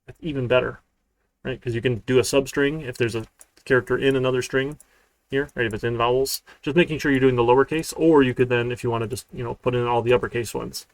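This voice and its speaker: A man's voice: medium pitch, steady tone, fast, dry recording. A man teaching a live-streamed programming class in a casual, chatty way, often checking in with "right?". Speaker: university programming instructor. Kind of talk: live-streamed coding lecture.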